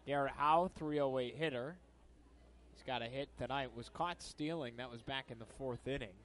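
A young man from upstate New York calling baseball play-by-play from a ballpark broadcast booth, lifting his voice on each pitch and chatting between plays. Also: fairly bright tone. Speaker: play-by-play announcer.

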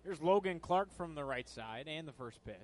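A young man from upstate New York calling baseball play-by-play from a ballpark broadcast booth, lifting his voice on each pitch and chatting between plays. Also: lively intonation, normal speed. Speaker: play-by-play announcer.

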